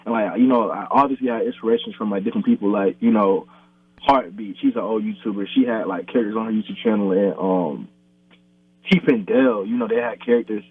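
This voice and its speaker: In a casual interview, this young man, a YouTuber, speaks quickly in a lowish voice, peppering his loose chatter with "like" and "bro." His voice comes through a thin, phone-line sound that is husky and dry.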